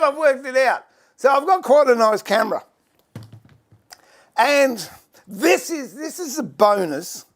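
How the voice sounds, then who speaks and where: A man's voice: sits high, a bit bright. An older Australian man hosting a casual livestream from his workshop, chatting, greeting viewers by name and fiddling with his gear as he talks. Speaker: livestream host and furniture maker.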